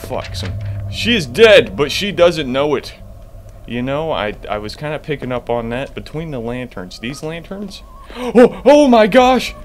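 A man's voice: mid-range voice, expressive, moderate pace, a little hiss or hum. A man giving jumpy, profane commentary to himself while playing a horror game. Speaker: gamer.

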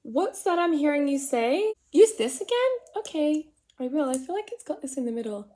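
A woman in her forties with an Australian accent, chatting through a comedic makeup routine. She rambles, mocks herself and slips into soft whispered asides. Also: high-pitched, expressive, brisk. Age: 40s. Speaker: makeup vlogger. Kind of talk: comedic get-ready-with-me chat.

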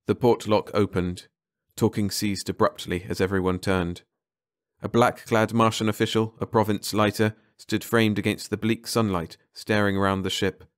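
A male audiobook narrator with a low voice reads a short story in a measured, dramatic manner. The recording is close and dry, with no room sound. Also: little pitch movement, dry recording.

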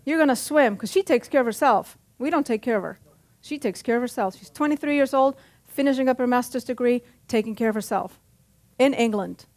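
A woman's voice: fairly high pitch, fairly quick, darkish tone. A middle-aged woman pastor preaching a sermon in a church, punchy and joking, often calling out for an amen. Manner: punchy, joking, calls for amens.

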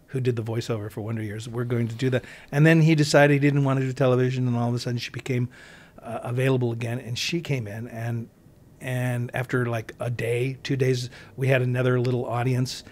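A man, an actor guest in an interview, telling a story in a casual, rambling way with many restarts and asides. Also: medium pitch.

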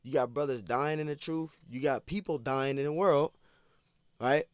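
A man's voice: mid-range voice, fairly even intonation, moderate pace, smooth, dry recording, clean studio sound. A man giving an informal scripture lesson, repeating phrases and peppering his talk with "man" and "you know.". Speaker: preacher.

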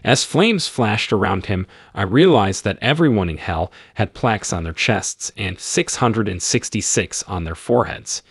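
A man narrates in a low, slightly husky voice, his pitch rising and falling with real movement. He sounds close and dry, no room around him. His telling stays earnest and solemn throughout. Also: animated, normal speed, few pauses, no room sound. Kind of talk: scripted spiritual narration.

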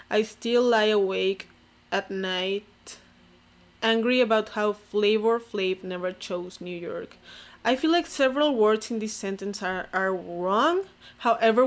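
A young woman with a touch of vocal fry talks casually to camera, wry and self-deprecating. She is from Mexico and peppers every thought with "like". Her voice sits at an ordinary middle pitch for a woman. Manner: sarcastic, self-mocking, heavy use of "like". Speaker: vlogger.

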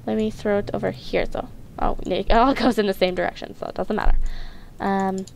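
A woman's voice: mid-range voice, fairly even intonation, fairly quick, gravelly, darkish tone. A young woman hosting a casual gameplay video, chatting, giggling and singing little snatches into a headset mic. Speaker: let's play host. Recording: noisy home recording with keyboard and mouse clicks.

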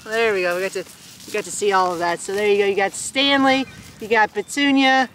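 A woman's voice: mid-range voice, steady tone, brisk, a bit bright, a little hiss or hum. A woman reading a picture book aloud outdoors on a farm, chatting in giggly asides between the pages. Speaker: storytime reader on a farm. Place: outdoors on a farm by a hay bale with animals.

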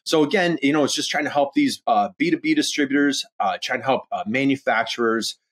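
A man's voice: medium pitch, brisk, a bit bright. A man speaking as a podcast guest, talking enthusiastically in a rambling way, full of "you know" and "uh". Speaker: podcast guest, e-commerce consultant. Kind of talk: conversational interview.

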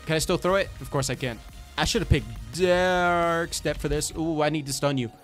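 A young man giving excitable commentary over his own gameplay, talking to the enemy and exclaiming as he plays. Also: a little high, moderate pace, faint music behind. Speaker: gaming YouTuber.

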